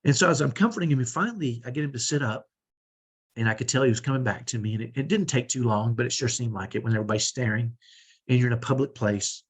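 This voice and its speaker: A man's voice: mid-range voice, quick pace, breathy edge. A man coaching parents, telling a personal story in an earnest, conversational way with many restarts. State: sore shoulder. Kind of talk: teaching talk with personal stories.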